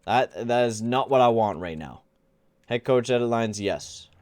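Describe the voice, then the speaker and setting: A man's voice: medium pitch, lively intonation, measured pace, a little mellow, dry recording. Exasperated young man ranting over a game. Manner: exasperated, rambling, slangy. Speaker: gaming channel host. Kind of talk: casual gameplay commentary.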